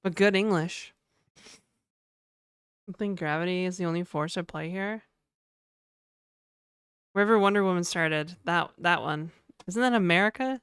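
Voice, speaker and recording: A woman's voice: fairly low pitch, measured pace, pauses often, a bit bright, clear, resonant tone, no room sound, studio quality. A woman from New Brunswick with a mild Canadian accent, chatting casually and jokingly with her live-stream viewers. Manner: chatty, joking, answers chat aloud.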